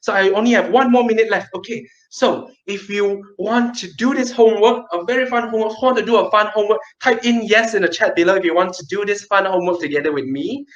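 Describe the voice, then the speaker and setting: A man teaching an online kids' storytelling class, lively and playful, with dramatic pauses. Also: sits high, roomy sound, dull audio.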